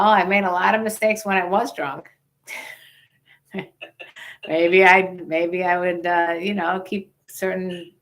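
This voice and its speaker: A woman's voice: lowish voice, fairly bright tone. An older woman hosting a casual livestream chat, joking bawdily and reading out viewer questions. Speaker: livestream host.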